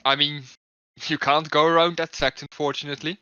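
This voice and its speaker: A sharp, bright-toned man trading wry, needling banter in character at a tabletop game. His voice comes through a dull, lo-fi home mic with a dry, close sound. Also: on the high side, flat delivery, a little fast, smooth, dry recording. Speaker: player. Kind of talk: in-character tabletop role-play.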